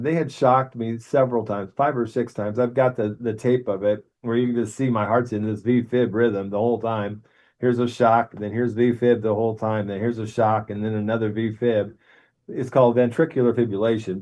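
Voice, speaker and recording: Older man telling his near-death story. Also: mid-range voice. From Arizona. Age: 60s. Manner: earnest, animated when quoting others, halting restarts. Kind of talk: personal storytelling.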